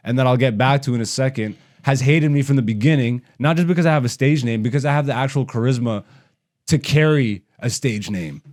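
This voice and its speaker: A man's voice: medium pitch, darkish tone. A young man hosting a comedy podcast, talking in a heated, profane, rambling way in casual conversation.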